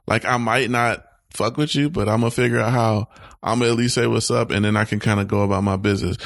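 A man's voice: quick pace, creaky, no room sound. A man co-hosting a podcast, chatting casually with a joking, profane manner. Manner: animated, profane, jokey, jumps into high voices for quotes. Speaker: podcast co-host. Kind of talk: casual chat.

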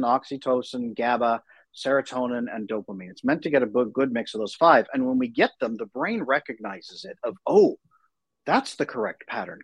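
A husky-voiced man in his thirties speaks as a guest in a podcast-style interview. He talks about parenting in a lively, conversational way. His voice sits in an ordinary pitch range, and the recording is close and dry. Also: dry recording, poor audio. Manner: animated, acts out voices in anecdotes.

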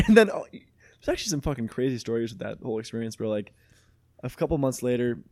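A man's voice: medium pitch, big pitch swings, fast talker, darkish tone, no room sound. A young man from Mexico hosting a podcast, telling a story in casual chat. He talks animatedly, laughs often and swears freely. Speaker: podcast host.

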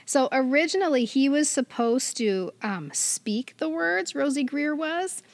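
Chatty woman podcast host, high voice, dry close sound, laughs a lot and acts out quotes. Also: animated, a little slow, no room sound. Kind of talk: casual chat.

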